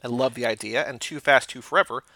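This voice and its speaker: A man co-hosting a casual podcast, reading listener emails aloud and adding quick asides. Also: mid-range voice, bright, forceful tone, no room sound.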